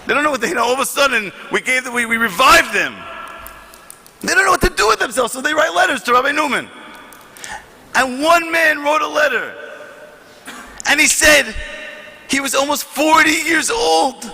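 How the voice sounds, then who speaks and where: A man giving an impassioned speech to a conference audience, often rising to shouts as he reads letters aloud. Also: extremely high pitch, moderate pace, pauses often, in a large hall. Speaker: conference speaker.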